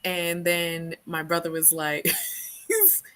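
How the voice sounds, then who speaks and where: Woman from New York, low voice, animated storytelling, laughs and shouts quotes. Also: takes it slowly. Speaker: book club host. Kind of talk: casual storytelling chat.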